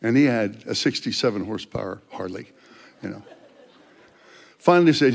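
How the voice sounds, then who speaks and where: An older man, a street evangelist, telling testimony stories in an animated way and loudly acting out the dialogue. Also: lowish voice, normal speed, creaky, pauses often, in a large hall. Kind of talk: storytelling testimony.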